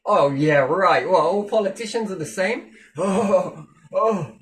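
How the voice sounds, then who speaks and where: A man's voice: high-pitched, takes it slowly. A man delivering a mocking, sweary monologue with big sarcastic swings in tone.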